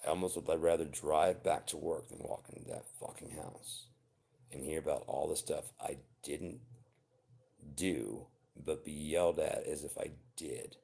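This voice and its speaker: Deep voiced guy in his 40s, blunt and sweary but earnest, just talking to camera. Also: moderate pace, gravelly, dark tone, breathy edge. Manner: blunt and profane, earnest advice. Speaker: vlogger. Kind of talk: unscripted personal monologue.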